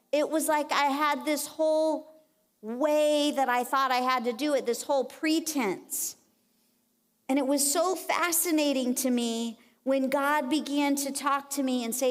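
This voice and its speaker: A woman with a high voice preaches in a relaxed, conversational way and slips into little acted voices for the people she quotes. She talks slowly and takes her time. Her voice carries a long reverb from a church hall. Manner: conversational, animated, acts out quotes. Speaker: conference speaker. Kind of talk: sermon.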